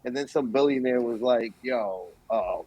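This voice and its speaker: A young man co-hosting a podcast in casual chat, telling stories with lively acted-out quotes. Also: mid-range voice, unhurried, slight background noise, poor audio. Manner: animated storytelling, acts out quotes. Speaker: podcast co-host.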